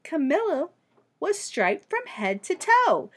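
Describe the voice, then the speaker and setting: A woman reading a children's picture book aloud expressively and pausing to ask listeners questions. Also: a little high, huge pitch swings, breathy edge. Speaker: storybook reader for children.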